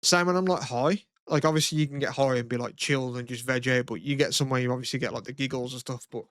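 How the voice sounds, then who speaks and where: Smooth-voiced young man, rambling chat. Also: medium pitch, steady tone, fast talker, a bit bright, no echo, clean studio sound. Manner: rambling and profane, laughs often. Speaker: podcast co-host. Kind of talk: casual chat.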